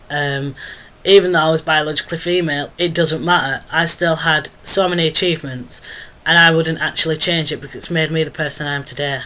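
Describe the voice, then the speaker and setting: A man's voice: a little high, steady tone, a little fast, sharp tone. A young man giving a casual video diary update, rambling and hesitant with lots of ums and restarts. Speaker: vlogger.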